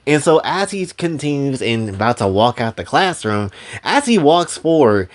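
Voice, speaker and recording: A man's voice: medium pitch, sing-song, moderate pace, soft background music. A young man casually narrating a story in rambling, slangy speech.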